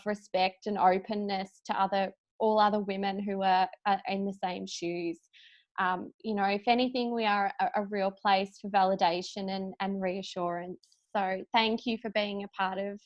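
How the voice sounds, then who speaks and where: A woman from Australia with an Australian accent, co-founder and host, speaking haltingly with many fillers and close to tears over a video call. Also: mid-range voice. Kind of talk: emotional speech on a video call. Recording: dull lo-fi video call audio.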